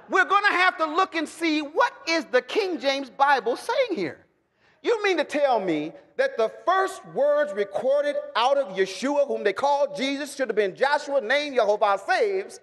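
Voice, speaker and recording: A man teaching the Bible to a live audience, animated and joking, calling for responses and bursting into shouts. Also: very high voice, normal speed, some chatter behind. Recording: long hall reverb.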